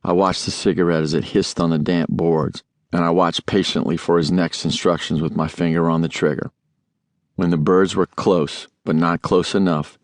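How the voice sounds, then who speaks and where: Man, memoir narration, deep low voice, measured delivery, dry close sound. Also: no echo. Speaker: audiobook narrator.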